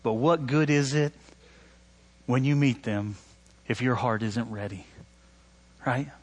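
A man's voice: medium pitch, slow pace. A man preaching a sermon, asking his listeners "right?" and mimicking sarcastic tones when he quotes. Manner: animated preaching, rising loud on emphasis, asks "right?" often. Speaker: pastor.

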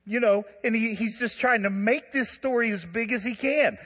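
A man preaching a sermon, telling stories in an animated way with frequent laughter and asides. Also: very high voice, moderate pace, big-room sound. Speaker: pastor.

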